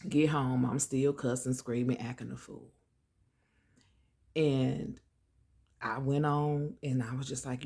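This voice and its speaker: A woman with a gravelly, husky voice tells a personal story in a relaxed, chatty way. She speaks straight to her viewers, drawing them in as she goes. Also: extremely low pitch, slow, long pauses. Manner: chatty, animated, addresses listeners as y'all and child. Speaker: vlogger. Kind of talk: casual storytelling.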